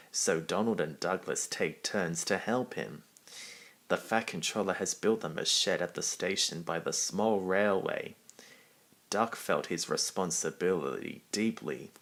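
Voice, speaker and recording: A man's voice: deep voice, unhurried, a bit bright. A man reading a children's railway storybook aloud, giving the characters their own voices.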